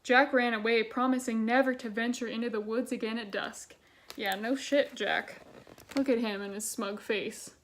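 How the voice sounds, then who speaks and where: A woman's voice: fairly high pitch, fairly even intonation, normal speed, slight background noise. A young woman casually reading children's books aloud and adding chatty, sarcastic commentary. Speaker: book vlogger.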